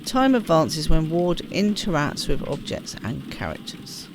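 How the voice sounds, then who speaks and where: A woman's voice: low-pitched, big pitch swings, a little slow, very noisy. A woman casually commenting on a game she is playing, chatty and self-deprecating as she reads the on-screen text aloud. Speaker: gaming streamer. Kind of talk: casual let's-play commentary. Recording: voice over clear game music.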